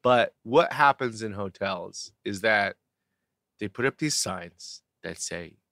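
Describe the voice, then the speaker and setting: A man's voice: fairly low pitch, lively intonation, takes it slowly, bright, forceful tone, no echo. A man co-hosting a podcast in casual chat, with dry, sarcastic teasing. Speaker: podcast co-host.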